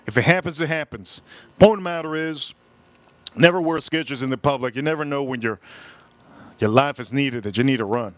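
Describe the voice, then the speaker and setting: A man hosting a livestream, telling a story in an animated, emphatic way and repeating phrases for effect. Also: medium pitch, fairly quick, pauses often, dry recording. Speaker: livestream host. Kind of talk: live-stream storytelling chat.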